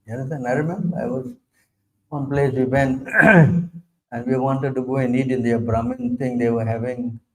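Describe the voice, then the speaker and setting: Emphatic spiritual teacher. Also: male voice, steady tone, moderate pace, a bit bright, slight background noise, low-quality recording. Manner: emphatic, keeps asking "you understand?"; acts out quoted people in a lowered voice. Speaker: spiritual teacher answering questions. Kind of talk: informal religious talk.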